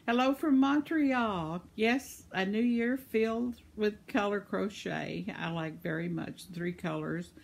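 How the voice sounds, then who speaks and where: A woman's voice: mid-range voice, slow pace, gravelly, hardly any pauses. A woman, chatting casually and laughing often as she reads viewer comments on her vlog. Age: 70s. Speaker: vlogger.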